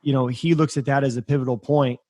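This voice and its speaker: A man hosting a podcast, telling a story in an emphatic, energetic way. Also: medium pitch, fast, no echo. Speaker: podcast host.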